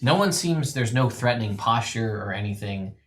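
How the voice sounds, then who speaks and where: A man's voice: mid-range voice, animated, normal speed, a bit bright, slight background noise. Man running a tabletop game, hesitant. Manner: casual, hesitant, lots of ums. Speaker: game master.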